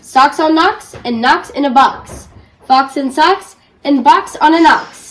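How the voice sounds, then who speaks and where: Very high-voiced woman reading a storybook. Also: takes it slowly, fairly bright tone, slight background noise, low-quality recording. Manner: playful, joking about stumbling over tongue twisters. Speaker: guest reader. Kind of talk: reading a children's book aloud.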